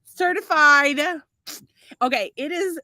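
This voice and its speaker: A woman's voice: sits high, slow, sharp tone, no room sound. A middle-aged woman co-hosting a casual podcast, telling bawdy stories with lots of laughing and swearing. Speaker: podcast co-host. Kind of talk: casual chat.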